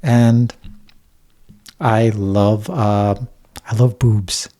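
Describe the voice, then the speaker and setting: A man's voice: fairly low pitch, fairly even intonation, very slow, mellow, a little hiss or hum. A man from Staten Island, talking bluntly and candidly as a guest in a casual interview, with frequent swearing. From Staten Island, New York. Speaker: podcast guest.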